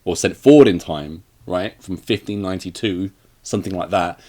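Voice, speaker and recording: A man's voice: low voice, moderate pace, dark tone. A man hosting a casual film review chat, rambling and joking with frequent laughs, on camera in a room with shelves.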